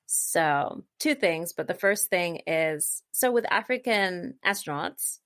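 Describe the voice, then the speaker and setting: A woman hosting a podcast, talking in a bubbly, animated way. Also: on the low side, slow pace, dry recording, clean studio sound. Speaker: podcast host. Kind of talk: podcast host talk.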